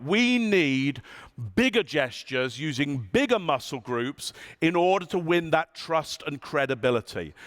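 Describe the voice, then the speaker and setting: A man's voice: fairly high pitch, a bit bright. A man giving a conference keynote to a live audience, demonstrating and repeating phrases for effect. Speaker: keynote speaker.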